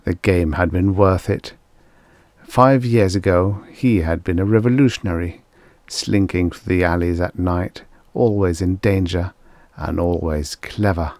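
Slow, gravelly male audiobook narrator. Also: low-pitched, darkish tone, no room sound. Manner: measured, deliberate reading.

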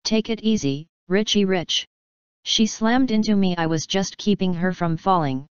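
A woman's voice: mid-range voice, normal speed, smooth, no room sound, lightly acted. A woman voicing a scheming young man who mocks and threatens with a smug drawl. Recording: dull dry audiobook recording.

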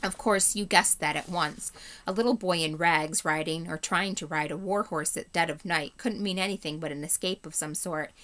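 A woman's voice: fairly low pitch, sharp tone. Woman voicing Bree, a bold talking warhorse. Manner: hearty, self-assured, lecturing. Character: proud, talkative male war horse.

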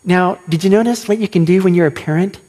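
A man preaching a sermon as pastor, animated and questioning his listeners, acting out quoted lines. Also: high voice, fast.

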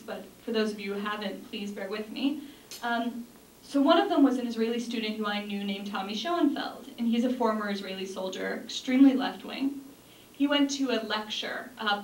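A young woman giving an earnest talk to an audience, with frequent ums and restarts. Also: mid-range voice. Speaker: speaker. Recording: echoey room from a distance, faint noise.

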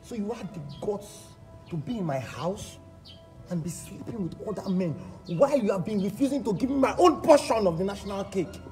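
A man with a Nigerian accent acting in a comedy skit, angry and shouting, repeating himself. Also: high voice, lively intonation, a little fast, faint music behind. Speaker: skit actor.

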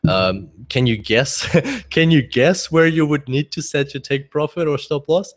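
A man's voice: a little high, measured pace. A man teaching a trading webinar off the cuff, chatty, thinking aloud and laughing often. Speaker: forex trading instructor.

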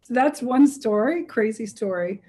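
A woman's voice: a little high, expressive, a little slow, dark tone. A woman author being interviewed, recounting anecdotes with energy and frequent self-corrections. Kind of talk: lively anecdotal storytelling.

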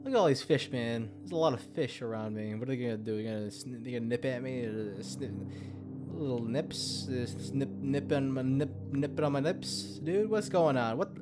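With music playing behind him, a young man delivers foul-mouthed, meandering gameplay commentary at a moderate pace in a mid-range voice. He mutters under his breath, curses heavily, and yelps in alarm every so often.

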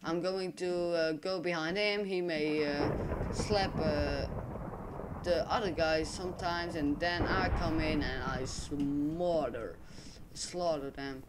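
A young man, an English speaker, giving rambling, excitable commentary over his own gameplay. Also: a little high, noisy background. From Russia. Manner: excitable, rambling, quick to complain and panic. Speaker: gaming YouTuber.

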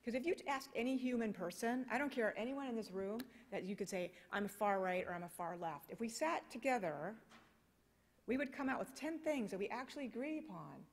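American woman doing a keynote, kinda high voice, all fired up and emphatic, big echoey hall. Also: animated, fairly quick, husky. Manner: passionate, emphatic, rhetorical questions. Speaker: keynote speaker. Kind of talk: conference keynote speech. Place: conference hall. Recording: long reverb of a conference hall.

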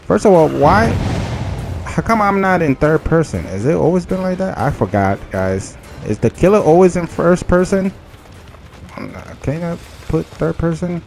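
A man's voice: a little high, big pitch swings, moderate pace, vocal fry, darkish tone. A man streaming a video game, taunting and trash-talking the other players as he plays. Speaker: gaming streamer. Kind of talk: live gaming commentary. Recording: game music and noise under the voice.

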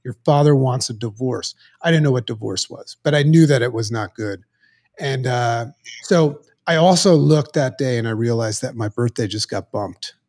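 A middle-aged man, a podcast guest, telling a personal story in an earnest, halting way with many restarts. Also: medium pitch, darkish tone.

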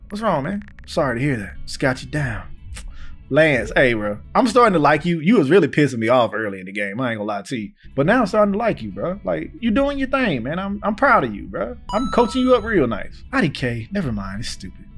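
Lively, hyped man in game commentary. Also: fairly high pitch, fairly quick, slightly rough. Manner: hyped, reads text messages aloud and reacts with slang banter. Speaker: gaming video host. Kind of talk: playthrough commentary. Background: faint game music.

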